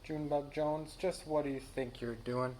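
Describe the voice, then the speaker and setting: A man's voice: a little high, fairly even intonation, moderate pace, darkish tone, slight background noise, lightly acted. A man voicing a fussy mother cat who scolds her son. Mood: scolding.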